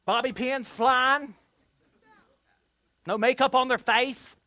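A preacher giving a Pentecostal sermon in an animated, exclamatory manner, with call-and-response to the congregation. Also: sits high, slow pace, no room sound.

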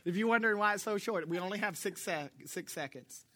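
A young man preaching a sermon as a pastor, animated and joking, swinging between loud bursts and soft asides. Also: high-pitched, fairly quick, noisy background.

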